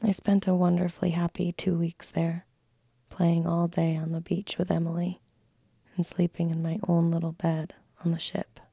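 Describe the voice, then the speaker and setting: A woman narrating a classic story in a soft, slow unvoiced whisper, a whispered role-play read close to the mic. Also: lowish voice, completely flat delivery, gravelly, slightly rough, dry recording.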